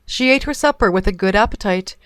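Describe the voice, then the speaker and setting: A woman narrating a fairy tale in a measured, even storybook reading. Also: mid-range voice, clean tone, no echo.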